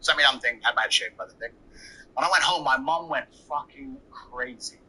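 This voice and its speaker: A man's voice: mid-range voice, sharp tone, husky, poor audio. A man in his thirties telling a story as a podcast guest, brash and profane. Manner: brash, profane, quick anecdotal delivery. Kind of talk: casual storytelling.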